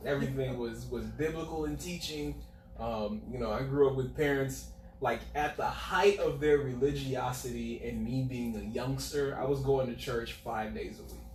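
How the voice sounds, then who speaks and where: A man talking as a podcast guest in casual chat, an animated storyteller who acts out voices and laughs often. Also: mid-range voice, moderate pace, a little hiss or hum. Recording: echoey room, mic at a distance.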